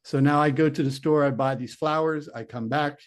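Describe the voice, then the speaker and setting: His voice is a little high and steady, delivered at a moderate pace. This middle-aged ex-detective turned psychic medium, a guest in an interview, conversationally tells a long, rambling story from his life, earnestly acting out his inner voice.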